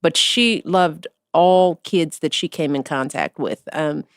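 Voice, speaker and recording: Woman in her 60s telling stories, lots of laughs and voices, lowish, dry close mic. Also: slow pace, smooth, no echo. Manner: animated storyteller who laughs and acts out family quotes. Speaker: guest. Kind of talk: casual interview chat.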